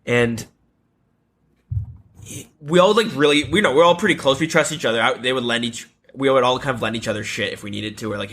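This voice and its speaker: A man's voice: medium pitch, fairly quick, fairly bright tone. A young adult man co-hosting a podcast, telling a rambling story in casual chat, swearing freely and laughing at his own tales. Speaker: podcast co-host.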